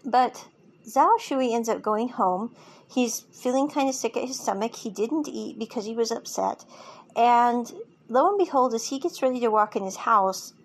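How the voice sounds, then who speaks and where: A woman's voice: a little high, moderate pace. Chatty woman recapping a drama. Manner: chatty, animated storytelling with quoted lines. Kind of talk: casual episode recap.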